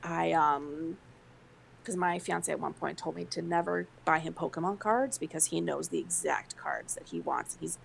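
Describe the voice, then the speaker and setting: Chatty woman with a gravelly voice. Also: low-pitched, moderate pace, a little hiss or hum, low-quality recording. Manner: chatty, many fillers. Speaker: podcast co-host. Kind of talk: casual chat.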